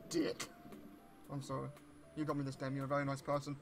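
A man giving gameplay commentary, excitable and swearing a lot, with sudden yelps when something scares him. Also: medium pitch, a little fast, soft background music. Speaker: let's play gamer.

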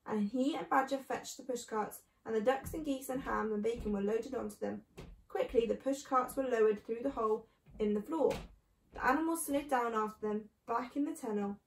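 A woman reading a children's book aloud in a clear, steady storytelling manner. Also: a little high, normal speed, recorded from a distance, a little hiss or hum. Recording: echoey room.

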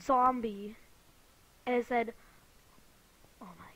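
A high-voiced woman narrating her own gameplay in an excitable, panicky way. She repeats the same words again and again and talks at an unhurried pace. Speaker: gamer. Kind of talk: let's play commentary.

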